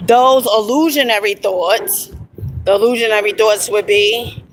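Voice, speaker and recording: A woman's voice: a little high, a little slow, slight background noise, poor audio. Emphatic woman vlogging motivation. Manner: emphatic, peppers talk with "okay?" and "honey"; bursts into excited whoops. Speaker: inspirational video creator. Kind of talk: motivational vlog talk.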